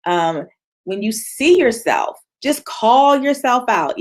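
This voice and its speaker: A woman giving an animated motivational talk to a virtual retreat audience, acting out other people's voices and laughing often. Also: medium pitch, slow pace. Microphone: video call.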